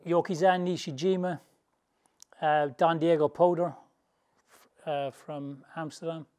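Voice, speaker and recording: A man's voice: on the high side, measured pace. A man from England, a boxing trainer, telling loose, colloquial stories in an interview and often laughing through them. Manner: animated storyteller, laughs through anecdotes; loose, colloquial, rambling phrasing. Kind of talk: storytelling interview answers.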